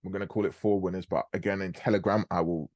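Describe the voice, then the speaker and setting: A young man hosting a live trading call, explaining chart setups in a fast, casual, slangy way. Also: low-pitched, steady tone, a little mellow, no room sound, clean studio sound. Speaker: forex trading host.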